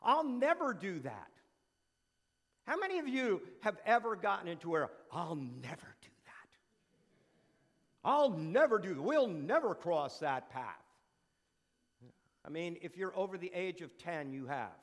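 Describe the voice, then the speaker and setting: Animated high-voiced preacher, hall echo. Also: male voice. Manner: animated, asks rhetorical questions, repeats phrases for emphasis. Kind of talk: conversational sermon.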